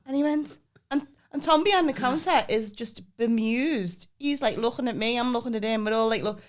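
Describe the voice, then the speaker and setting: A woman's voice: high voice, expressive, brisk. A woman, co-hosting a podcast and telling stories in a chatty way, laughing often. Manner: chatty, laughs a lot, acts out quoted voices. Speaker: podcast co-host. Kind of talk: casual chat, storytelling.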